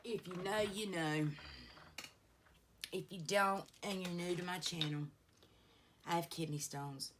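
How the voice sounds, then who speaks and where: A woman's voice: lowish voice, steady tone, a little slow, pauses often, background noise. A middle-aged woman, chatting through a get-ready-with-me beauty vlog and rambling through stories with many asides. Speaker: beauty vlogger. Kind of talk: casual get-ready-with-me chat.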